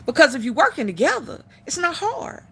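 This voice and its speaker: A woman's voice: high-pitched, very animated, fairly quick, vocal fry. A middle-aged woman hosting a live stream, giving blunt, profane opinions in casual talk.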